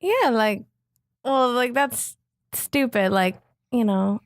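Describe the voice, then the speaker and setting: A woman who is a comedian guest on a podcast, chatting casually in brief, unhurried remarks. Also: on the high side, lively intonation. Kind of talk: casual chat.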